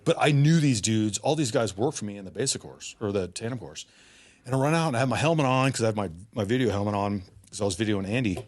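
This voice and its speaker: A man talking as a podcast guest, telling stories in an animated, laid-back way and swearing freely. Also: medium pitch. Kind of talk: casual storytelling.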